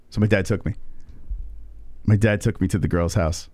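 Animated, swearing male stream host. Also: mid-range voice, normal speed, long pauses, no echo. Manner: animated, profane, acts out quoted people. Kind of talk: casual storytelling on a live stream.

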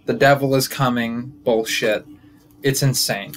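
Young male comic, casual rambling podcast monologue, mid-pitched, wisecracking and self-interrupting. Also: fairly even intonation, a little slow. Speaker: comedian and podcast host.

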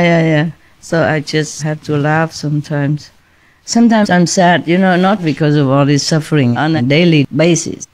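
A woman's voice: low-pitched, a little mellow. A woman spiritual teacher talking casually to her disciples, tired and confiding, often laughing between lines. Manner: weary, confiding tone.

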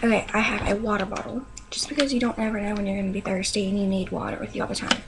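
A young woman talks her viewers through her things in a soft, slow, rambling way. Her voice has a gravelly fry at the edges. It comes through a webcam with a clear hiss underneath. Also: medium pitch, fairly even intonation. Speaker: beauty vlogger. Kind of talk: casual show-and-tell vlog. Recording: noisy webcam recording.

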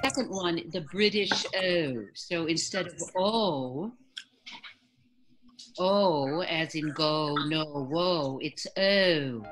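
A woman dialect coach teaching a workshop, demonstrating sounds slowly and deliberately by example. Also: lowish voice, music in the background.

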